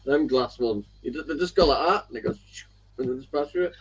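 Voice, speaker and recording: A man's voice: medium pitch, fast, breathy edge, distant mic, lo-fi sound. A man in a casual group chat, joking and bantering bluntly.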